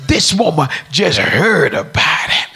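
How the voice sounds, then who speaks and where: A woman preacher delivering a fiery sermon in a rhythmic, repetitive cadence, shouting and speaking in tongues. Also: low voice, very animated, takes it slowly.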